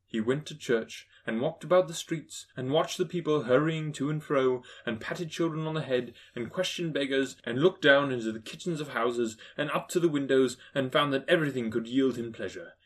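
A man narrating a classic story aloud with expressive, lilting storytelling. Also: mid-range voice, moderate pace, few pauses. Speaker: audiobook narrator. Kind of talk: storybook reading.

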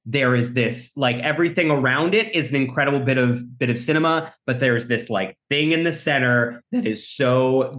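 A man co-hosting a podcast, discussing a film in a halting, rambling way, with many restarts. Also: mid-range voice, a bit bright. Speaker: podcast co-host.

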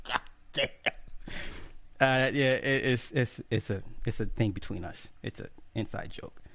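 A man running a relaxed live stream jokes, swears without restraint, and says hello to viewers by name one after another. His voice is medium-pitched and a bit bright, his pace moderate, with no room sound.

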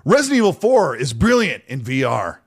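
A man's voice: medium pitch, huge pitch swings, fairly quick, slightly rough. A man co-hosting a casual gaming podcast, laid-back and agreeable, reading out chat messages. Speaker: podcast co-host.

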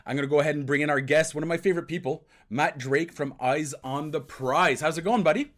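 A man's voice: on the high side, fast talker, hardly any pauses. A Canadian man hosting a casual hockey analysis livestream, rambling and upbeat, now and then slipping into French. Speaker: podcast host.

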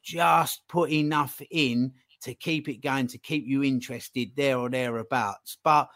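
A man talking casually as a podcast guest, animated, acting out little dialogues as he makes his point. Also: mid-range voice, a little slow. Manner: animated, acts out phone calls in put-on voices.

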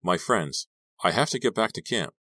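A man reading an audiobook aloud and voicing a frightened teenage girl who pleads in a high, strained voice. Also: animated, moderate pace, sharp tone, dry recording, clean studio sound. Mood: nervous.

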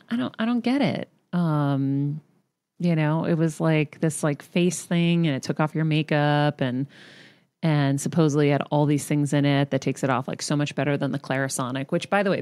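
A woman in her forties hosting a podcast, chatting casually and telling stories in an animated way. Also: low-pitched, normal speed, dry recording. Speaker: podcast host. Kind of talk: casual chat.

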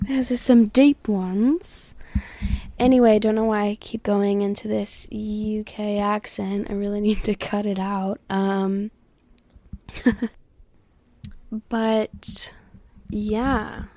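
A woman's voice: mid-range voice, fairly even intonation, slow pace, a little mellow, no echo. A young woman hosting a solo podcast, talking candidly and rambling, swearing freely and sometimes dropping to a whisper. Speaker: podcast host. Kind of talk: casual solo podcast chat.

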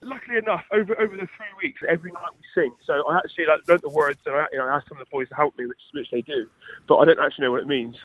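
A man from Cornwall, a rugby player, answering interview questions over the phone in a quick, modest way with many restarts. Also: a little high, slight background noise. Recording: tinny phone line.

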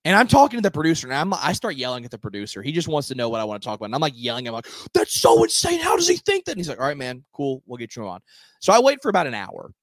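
A young man from Nashville co-hosts a casual podcast. He tells stories with lively swings in pitch, acting out his own shouting as he goes. The sound is dry and close, with no room around it. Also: racing, no echo. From Nashville, Tennessee. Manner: animated storytelling, acts out his own yelling. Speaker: podcast co-host. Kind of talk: casual chat.

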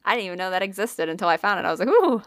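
A woman's voice: lowish voice, fairly even intonation, very fast, fairly bright tone, smooth, no room sound, studio quality. A woman co-hosting a podcast, telling a ghost story in casual chat, swearing freely and using lots of fillers.

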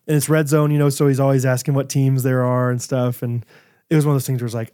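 A man in his thirties co-hosting a podcast, chatting casually and telling animated stories with quick asides. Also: medium pitch, smooth, no room sound, clean studio sound. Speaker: podcast co-host. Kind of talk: casual chat.

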